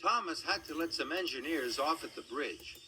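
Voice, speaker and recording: Expressive male storybook narrator. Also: fairly high pitch, moderate pace, slight background noise. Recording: music playing underneath.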